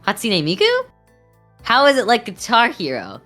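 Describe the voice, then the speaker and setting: A woman's voice: mid-range voice, huge pitch swings, normal speed, fairly bright tone, faint music behind. A young woman streamer chatting casually while drawing, rambling and giggly with lots of fillers.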